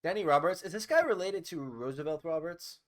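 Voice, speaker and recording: A man's voice: fairly high pitch, expressive, brisk. A young man co-hosting a podcast, talking casually with dry, sarcastic, half-mumbled asides. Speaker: podcast co-host. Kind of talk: casual chat.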